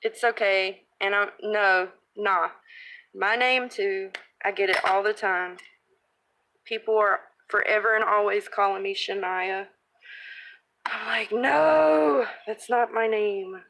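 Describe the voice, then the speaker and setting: A woman's voice: mid-range voice, fairly even intonation, takes it slowly, pauses often, bright, forceful tone. A woman crafting vlogger chatting casually as she works and thinks aloud, reading viewer comments. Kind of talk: casual live-stream crafting chat.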